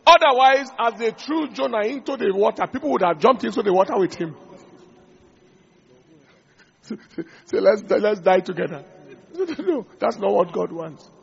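Gravelly high-voiced male preacher. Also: a little slow, pauses often, lo-fi sound. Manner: animated, acts out little dialogues, asks the audience questions. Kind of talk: sermon.

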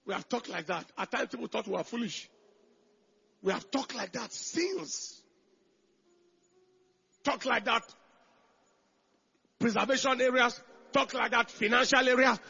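Preaching a little slowly with long pauses, a pastor uses a high, bright, heavily raspy voice with gravel in it. Phrases get repeated, lines fall almost to a whisper, and declarations ring out as shouts. The audio sounds dull and lo-fi.

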